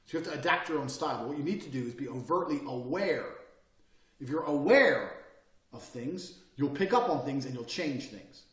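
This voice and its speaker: A man giving a blunt, forceful motivational lecture and swearing freely as he coaches his listeners. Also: medium pitch, animated, normal speed. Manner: profane, forceful and emphatic. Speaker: self-improvement speaker. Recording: echoey room, mic at a distance.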